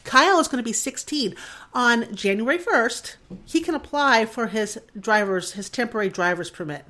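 In her forties, this podcast host delivers a solo monologue in a slightly high, sharp-toned voice at moderate pace. She rambles emotionally and self-deprecatingly, often laughing at herself, into a desk mic set before a screen.

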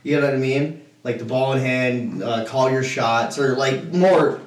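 A man on a podcast, swearing constantly while he retells a bar argument in a loud, animated way. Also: medium pitch, a little slow, far from the mic. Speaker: podcast co-host. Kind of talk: casual chat, storytelling. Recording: roomy, off-mic sound.

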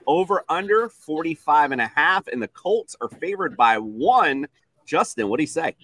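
A man's voice: on the high side, moderate pace, no echo. A man hosting a sports picks show, reading stats and playfully calling on each panelist. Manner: animated, playful, reads stats then asks panel.

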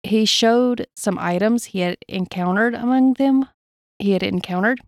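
A woman's voice: mid-range voice, unhurried, dry recording, studio quality. A woman co-hosting a true crime podcast, reading from a case account with blunt personal asides. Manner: reads gravely, adds blunt asides. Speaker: podcast co-host.

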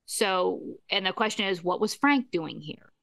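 A woman co-hosting a casual chat, retelling scenes with quick quoted voices and frequent laughs. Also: lowish voice, vocal fry, no room sound. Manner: animated storyteller, acts out quotes, laughs often. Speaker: podcast co-host. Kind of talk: casual chat recapping a TV episode.

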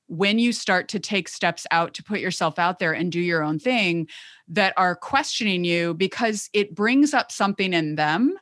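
A woman's voice: lowish voice, fairly bright tone, no room sound, clean studio sound. A woman in her thirties, an occupational therapist guest, talking chattily and rambling with lots of filler words. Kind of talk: conversational interview.

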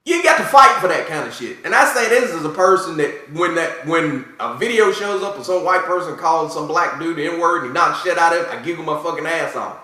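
A man rants through a casual podcast chat, swearing freely and firing off mocking asides. His voice sits high and swings widely in pitch. It rings in a very echoey room. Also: brisk, hardly any pauses. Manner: profane, animated ranting with mocking asides. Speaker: podcast co-host.

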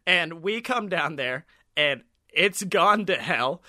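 A man co-hosting a podcast, improvising a story in a casual, animated way, laughing often and swearing freely. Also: fairly high pitch, slow pace. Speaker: podcast co-host.

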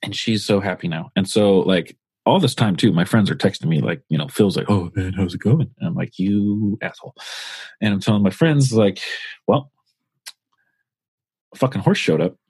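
Husky-voiced man telling a rambling story. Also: low voice, lively intonation, moderate pace, a little mellow, no room sound. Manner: rambling, profane, full of fillers. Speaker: podcast co-host. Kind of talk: casual storytelling.

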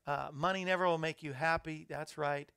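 Male host, gravelly voice, friendly running chatter into a studio mic. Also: fairly high pitch, steady tone, moderate pace, bright, forceful tone. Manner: chatty, reads viewer comments aloud, upbeat asides. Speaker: show host. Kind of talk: casual live-stream chat. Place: small studio under hot lights. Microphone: studio microphone.

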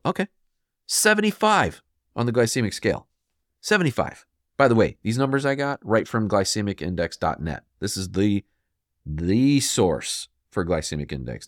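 A man's voice: medium pitch, dry recording, clean studio sound. A man hosting a solo health podcast, talking emphatically and scolding the listener, now and then mimicking what people think. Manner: mimics listeners in quoted asides. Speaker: podcast host.

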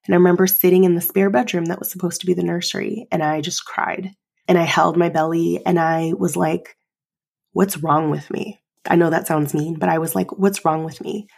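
A woman in her thirties hosts a podcast and tells her own story candidly, leaning on fillers as emotion comes through. Her voice is low-pitched, with a gravelly fry and a husky edge. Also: little pitch movement, brisk, darkish tone. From United States. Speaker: podcast host. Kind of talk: personal storytelling.

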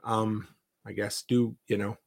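A man's voice: fairly low pitch, level tone, unhurried, creaky. A man who is a guest on a podcast, speaking hesitantly with many fillers in a casual chat.

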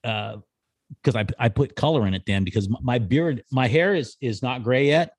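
A man's voice: medium pitch, moderate pace, husky, no echo. Easygoing middle-aged male host, dry. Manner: hedging, thinks aloud, easygoing. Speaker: podcast host. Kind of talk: casual interview chat.

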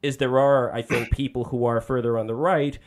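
A man's voice: medium pitch, fairly even intonation, moderate pace. A man hosting a livestream panel. He talks in a rambling, friendly way with many fillers. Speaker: host.

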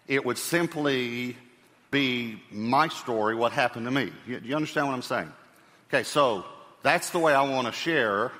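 A man's voice: medium pitch, sharp tone, long reverb tail. A man preaching a sermon as pastor, conversational, repeating key phrases for emphasis.

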